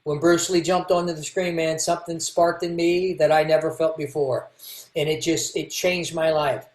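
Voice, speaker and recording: A man from Kentucky, a guest telling his life story in a candid, halting way and restarting his words. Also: fairly high pitch, fairly even intonation. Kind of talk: casual interview storytelling. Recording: echoey room.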